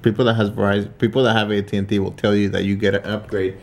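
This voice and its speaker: A man's voice: on the low side, flat delivery, quick pace, creaky. A man arguing in casual chat, stubborn and dismissive. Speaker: vlogger's partner.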